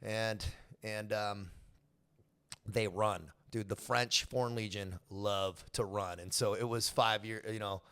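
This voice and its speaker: A man's voice: lowish voice, fairly even intonation, takes it slowly, fairly bright tone, clean tone. A young man with a Californian accent, telling his stories as a podcast guest in a loose, slangy way, laughing often. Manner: laid-back slangy talk, lots of bro and dude, laughs often. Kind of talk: casual storytelling interview.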